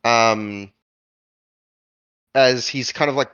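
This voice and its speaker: A man's voice: mid-range voice, fairly even intonation, very slow, a bit bright, smooth, dry recording, muffled recording. A man narrating a tabletop game as game master, improvising with many fillers.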